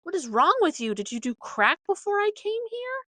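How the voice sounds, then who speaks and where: A woman's voice: very high-pitched, very animated, moderate pace, sharp tone, no echo, pitched above the performer's own voice, heavily acted. A woman voicing a timid young male puppy who is exasperated and wants to go home. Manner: whiny, exasperated.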